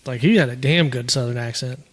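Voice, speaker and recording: A man's voice: mid-range voice, a little fast. A man co-hosting a podcast, talking casually, hedging and trailing off mid-sentence as he asks questions. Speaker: podcast co-host. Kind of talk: casual chat.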